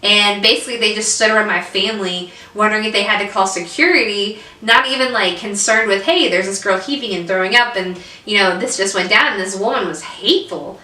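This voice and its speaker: A young woman with a bright, forceful voice tells an emotional story in a casual vlog, full of "um" and "like". She sits some way back from the mic. Her voice rings in a roomy space. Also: mid-range voice, brisk, hardly any pauses, distant mic. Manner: emotional storytelling with many fillers. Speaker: vlog co-host. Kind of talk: casual chat. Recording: roomy echo, away from the mic.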